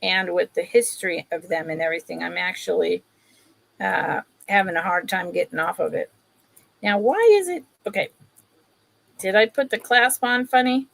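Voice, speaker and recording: A woman's voice: on the low side, moderate pace, vocal fry, fairly bright tone. A woman hosting a casual live-stream sale, chatting with viewers by name while she shows pieces. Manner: chatty, greets viewers by name, talks while handling items.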